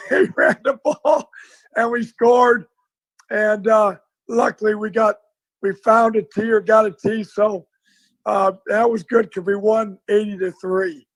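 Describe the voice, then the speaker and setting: A man, a former football coach, telling a lively story in a casual interview and acting out the dialogue. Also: high voice, no echo, poor audio. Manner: animated storyteller, acts out dialogue.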